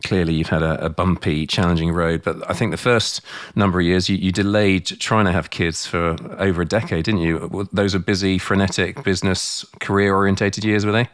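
A man hosting a podcast interview, asking questions in a halting, conversational way. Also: deep voice, steady tone, no room sound, studio quality. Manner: halting, with fillers and restarts, brief responses.

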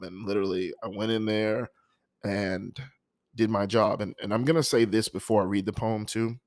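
A man telling a personal story before reading a poem, speaking softly with halting, emotional pauses. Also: lowish voice, steady tone, no room sound, studio quality. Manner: soft-spoken, halting and emotional. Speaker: poet introducing a poem.

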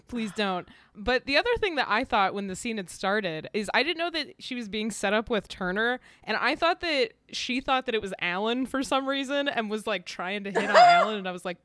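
Mujer risueña en un pódcast, sonido seco. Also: female voice, a little high, big pitch swings, fairly quick, few pauses, a bit bright, no room sound. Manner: giggly, acts out her own reactions. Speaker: podcast co-host. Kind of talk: casual chat.

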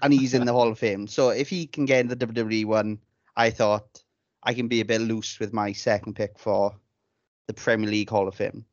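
A man's voice: lowish voice, steady tone, fairly quick, no room sound, lo-fi sound. A man co-hosting a podcast, chatting casually and telling anecdotes with relish and freely swearing. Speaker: podcast co-host.

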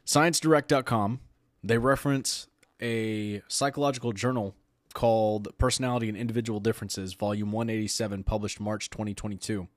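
A man's voice: lowish voice, fairly even intonation, a little fast, no echo, clean studio sound. Sarcastic man hosting a podcast. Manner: sarcastic, opinionated, laughs while reading aloud. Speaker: podcast host. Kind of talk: casual podcast commentary.

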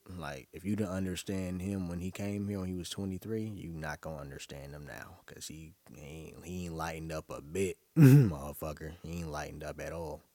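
A young New man with a very low voice, speaking in a dry, close recording. He rambles through a casual monologue, loose and profane, with plenty of filler. He sounds relaxed and conversational. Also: moderate pace, hardly any pauses, no echo. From Brooklyn, New York. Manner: loose, profane, rambling storytelling with frequent laughs.

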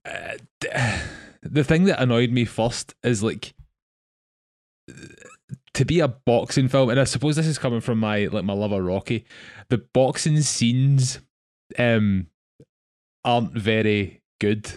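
A young man co-hosting a casual film podcast, talking in a measured, hesitant way. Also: mid-range voice, a little mellow, dry recording, clean studio sound. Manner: measured, hesitant, many fillers. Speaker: podcast co-host.

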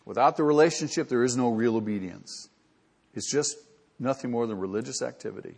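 A man's voice: mid-range voice, brisk, vocal fry, darkish tone, husky, big-room sound. A man preaching a sermon as pastor, earnest and rising to emphatic peaks.

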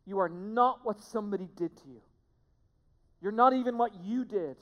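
A pastor preaching a sermon to a church, emphatic, repeating key phrases and swinging between hushed and loud delivery. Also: medium pitch, expressive, moderate pace. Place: church sanctuary. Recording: long reverb of a large hall.

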